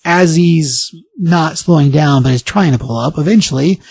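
Husky-voiced man animatedly recapping a comic. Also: a little high, normal speed. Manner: animated storytelling, briefly acting out quoted lines. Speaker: podcast host. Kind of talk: casual comic book recap.

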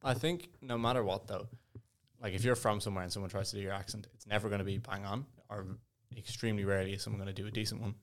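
A young Irish man chats loosely as a podcast co-host, joking and swearing without a second thought. His voice sits fairly low and has a gravelly edge to it. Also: steady tone, very fast. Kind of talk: casual chat.

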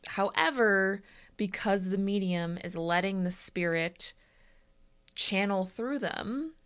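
A young woman co-hosting a casual podcast. She walks through her notes in a dry, deadpan way, with a medium pitch. Her voice is plain and even. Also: slow pace, clear, resonant tone. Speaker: podcast co-host.

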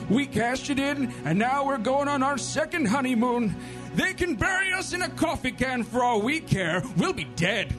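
A man's voice: extremely high pitch, lively intonation, moderate pace, music in the background. A man playing an older husband in a comedy ad testimonial, folksy and cheerfully callous. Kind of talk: comedy ad sketch.

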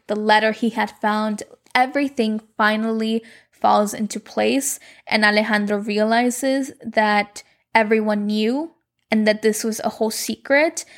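Chatty young woman with vocal fry. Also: medium pitch. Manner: chatty, expressive, peppered with "like". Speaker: TV series recapper. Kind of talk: casual storytelling recap.

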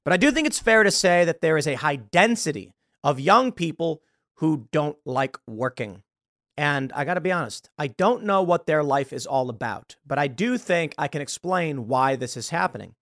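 Sarcastic man lecturing, gravelly voice. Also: a little high, lively intonation, moderate pace, fairly bright tone, no room sound, clean studio sound. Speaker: political commentary host. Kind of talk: opinion commentary monologue.

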